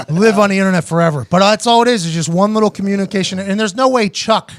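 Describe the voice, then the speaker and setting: American male host, 30s, high-pitched, animated profane storyteller, dry close mic. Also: fairly quick, no echo. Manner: animated, profane, acts out quotes in raised voice. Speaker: host, former punter. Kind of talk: casual storytelling podcast chat.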